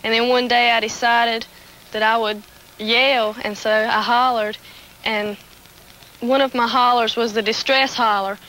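A woman's voice: on the high side, level tone, a little slow, pushed and bright, poor audio. A young woman, eagerly explaining the hollers she learned from her family. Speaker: holler contestant. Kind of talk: casual explanation with demonstrations.

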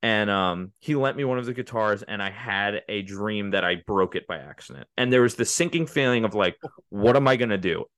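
A man's voice: on the low side, animated, brisk, few pauses, a bit bright, clear, resonant tone, no room sound. A man co-hosting a casual movie podcast, rambling through the plot with many restarts and fillers. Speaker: podcast co-host.

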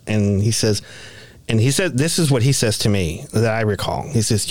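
A man's voice: fairly low pitch, moderate pace, darkish tone. A man being interviewed, telling a long story in a casual, rambling way with many restarts. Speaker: Bigfoot researcher guest.

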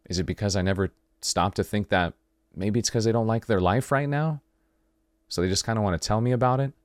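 A man's voice: lowish voice, fairly quick, no room sound, clean studio sound. A man hosting a podcast, talking through a reflective late-night monologue and acting out the conversations he describes. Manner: animated storyteller, acting out dialogue. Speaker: podcast host.

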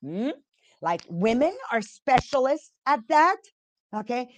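A Montreal entrepreneur in her fifties hosts a casual motivational podcast, chatty and emphatic, posing questions to her audience. Her English accent carries Italian and French traces, and her voice sits on the high side with lively intonation at a measured pace, without echo.

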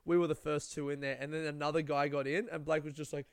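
A young Australian comedian tells a story in a rambling, sweary, self-mocking way. His voice sits a little high for a man and sounds smooth and clear, recorded close on a dry mic. It is casual podcast talk. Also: fairly even intonation, a little fast, few pauses, no echo.

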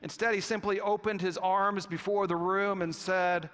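A man preaching a sermon with a slow, deliberate delivery and long pauses. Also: high voice, fairly even intonation, a bit bright, clean tone. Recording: long reverb of a church hall.

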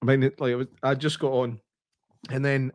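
A man's voice: mid-range voice, little pitch movement, moderate pace, no room sound. A man co-hosting a casual chat, bantering, laughing and swearing. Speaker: podcast co-host.

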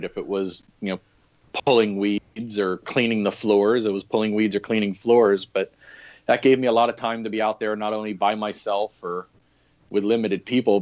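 A man guesting on a podcast, telling stories in a laid-back, casual way with frequent fillers. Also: fairly low pitch. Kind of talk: casual interview chat. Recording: dull lo-fi audio.

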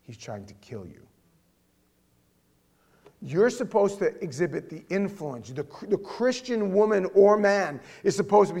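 A male pastor delivering a sermon, direct and conversational, swinging between loud emphatic reading and quiet, intimate asides. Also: high voice, expressive, measured pace, creaky, breathy edge.

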